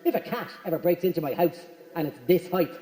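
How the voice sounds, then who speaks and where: A man with a high-pitched voice rattles through a stand-up routine, telling stories with lively energy. His voice rings out on a big theatre stage. The sound is roomy, with a long hall reverb trailing each line. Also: recorded from a distance. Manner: rapid, animated storytelling with acted-out asides. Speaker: stand-up comedian.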